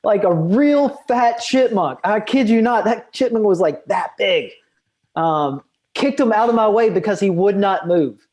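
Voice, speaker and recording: A man's voice: high voice, expressive, a little slow, a little mellow. A young man, a guest outdoor educator, talking in a rambling casual podcast chat full of fillers and restarts.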